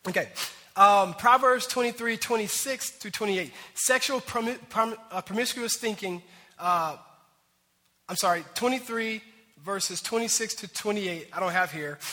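A man preaching a sermon as pastor, animated and acting out voices as he talks. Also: sits high, normal speed, long reverb tail.

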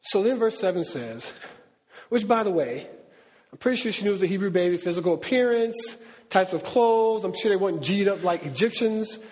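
A middle-aged man preaching a sermon in a lively, conversational way with slang. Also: sits high, brisk. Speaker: pastor. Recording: long reverb of a large hall.

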